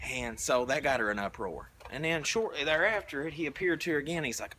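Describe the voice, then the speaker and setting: A man's voice: a little high, expressive, fast talker, hardly any pauses, pushed and bright, a little hiss or hum. A young man with a Southern American accent giving a blunt, folksy, rambling talk while painting, full of restarts. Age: young adult. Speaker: prepper vlogger. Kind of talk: casual preaching monologue. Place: outdoors at a tiny house build site.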